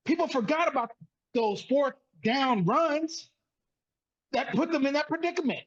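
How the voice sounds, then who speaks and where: Brief: high, lively male sports co-host, emphatic and repetitive, slightly dull lo-fi recording. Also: a little slow. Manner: animated, repetitive emphatic storytelling. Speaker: sports talk show co-host. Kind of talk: casual sports debate.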